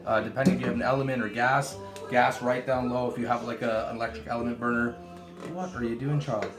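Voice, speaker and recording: A man hosting a casual home cooking demonstration, chatting with joking asides while gently scolding a child who is helping. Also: medium pitch, fairly even intonation, fast talker, echoey room, over music. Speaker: home cooking show host. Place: home kitchen.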